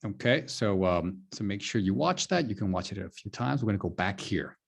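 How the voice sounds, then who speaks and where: A low, gravelly male voice with lively ups and downs in pitch. He teaches an English class, going over phrases slowly and patiently and peppering his talk with "okay". His delivery is unscripted and relaxed. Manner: slow, repetitive explaining with many "okay"s. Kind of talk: online English lesson.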